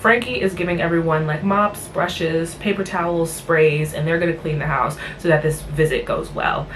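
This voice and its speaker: A woman's voice: low voice, normal speed, distant mic, slight background noise, rough recording. A tired woman hosting a vlog, recapping a cartoon episode in a blunt, exasperated, rambling chat.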